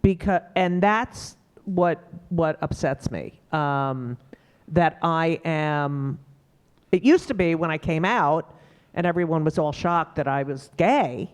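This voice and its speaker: A woman's voice: a little slow, clean tone. A middle-aged woman comedian, telling stories emphatically in a panel conversation. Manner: animated, emphatic storyteller with sudden pitch jumps. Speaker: stand-up comedian.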